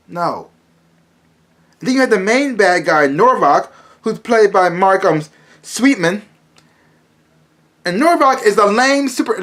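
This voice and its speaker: A man's voice: sits high, fairly bright tone. A man casually reviewing a TV episode, rambling with many restarts and fillers and breaking into exasperated asides.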